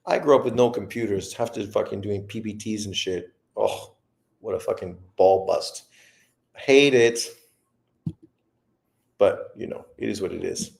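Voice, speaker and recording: Gravelly man in his fifties, swearing freely. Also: lowish voice, unhurried, pauses often. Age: 50s. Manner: profane, rambling storytelling. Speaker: boxing livestream host. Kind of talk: casual livestream chat.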